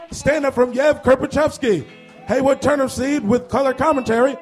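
A man's voice: extremely high pitch, normal speed, soft background music. Hyped, hungover show announcer, a man. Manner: hyped and drawn out.

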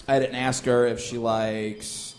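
A man's voice: medium pitch, level tone, takes it slowly. A male comedian doing loose, joking banter with plenty of fillers and laughter. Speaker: stand-up comedian, guest. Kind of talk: comic banter and stand-up bit.

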